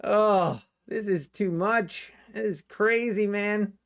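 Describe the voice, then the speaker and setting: Casting: male trading streamer, unhurried delivery, laughs often, jokes in mock alarm. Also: high-pitched, vocal fry. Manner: laughing, mock-panicked joking about the market. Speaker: day trading livestream host. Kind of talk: live trading stream commentary.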